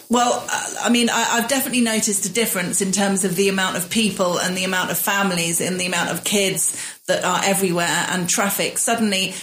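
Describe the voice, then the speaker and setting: A woman's voice: medium pitch, fairly even intonation, brisk, fairly bright tone, reverberant, a little hiss or hum, rough recording. A woman hosting a radio talk show, chatting casually with guests in a studio and reading out news items. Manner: chatty, laughs often, reads news items.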